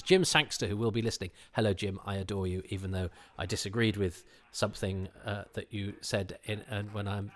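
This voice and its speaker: As a podcast host, a middle-aged man talks eagerly through an old television episode, drifting from one tangent to the next. His voice sits a little low, and he stumbles over fillers and restarts.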